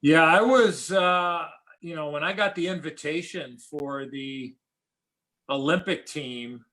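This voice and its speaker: A man's voice: on the high side, takes it slowly, pushed and bright. A middle-aged American man, a former hockey player, telling stories as a podcast guest, rambling with many fillers and restarts. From United States. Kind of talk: casual storytelling interview.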